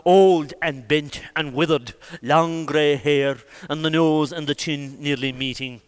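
An Irish man spins a traditional folk tale in a colloquial, lively voice that sits high for a man. He swings from loud, vivid bursts down to hushed asides. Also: unhurried, clean tone. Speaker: storyteller. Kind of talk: traditional oral folk storytelling.

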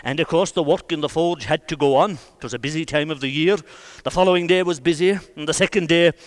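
An Irish man telling a traditional folk tale, his colloquial delivery swinging between loud bursts and hushed asides. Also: a little high, quick pace. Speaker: storyteller. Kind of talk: traditional oral folk storytelling.

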